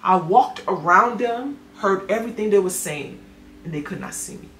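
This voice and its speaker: Lively young woman telling her story, acts out other voices, bright tone, roomy sound. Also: mid-range voice, normal speed. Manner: animated, acts out what others said. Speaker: guest giving testimony. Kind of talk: emotional storytelling. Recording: echoey room with faint noise.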